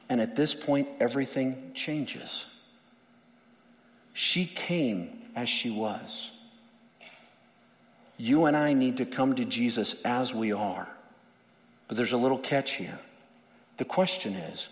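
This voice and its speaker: A man's voice: medium pitch, slow, pauses often, long reverb tail. A male pastor preaching a sermon in an earnest, emphatic way, often repeating words.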